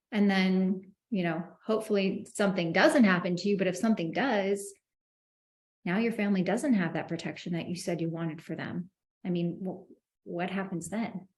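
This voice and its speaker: A woman teaching telephone sales, confident and emphatic, acting out call lines in a brighter voice. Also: lowish voice, steady tone, normal speed. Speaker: insurance sales trainer. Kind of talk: instructional talk to the camera.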